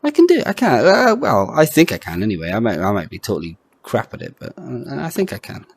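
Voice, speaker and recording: A man's voice: mid-range voice, huge pitch swings, brisk, creaky, breathy edge. A man co-hosting a casual podcast chat at home, hesitant and full of stammered restarts. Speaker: podcast co-host.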